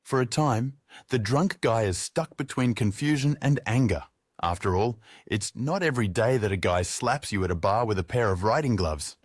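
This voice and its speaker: A man's voice: on the low side, expressive, moderate pace, slightly rough, no room sound, studio quality. A man narrating an audiobook in a wry, conversational first-person style.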